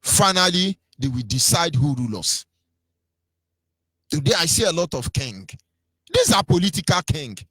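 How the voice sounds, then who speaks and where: A man's voice: fairly high pitch, big pitch swings, moderate pace, long pauses, pushed and bright, breathy edge, dry recording. A Nigerian man with a Nigerian accent giving an impassioned political radio talk, mocking and sing-song, his voice swinging between rises and drops. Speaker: radio commentator.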